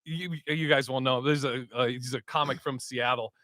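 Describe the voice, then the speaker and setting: A man's voice: medium pitch, moderate pace, dry recording. A man, a comedian, telling a story casually and acting out the quotes with laughs. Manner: animated, acts out quotes with laughs. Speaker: comedian and podcast host.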